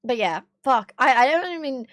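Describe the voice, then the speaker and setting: A young woman from Australia streaming casually with a hoarse, strained voice, chatting, swearing and reading chat aloud. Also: high voice, expressive, normal speed, a bit bright, dry recording, studio quality. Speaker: livestreamer.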